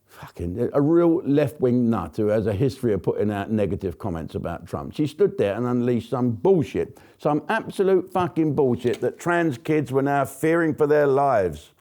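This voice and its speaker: A man's voice: medium pitch, dark tone. A man hosting a comic news rant, profane and sarcastic, with frequent swearing. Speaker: comedian host.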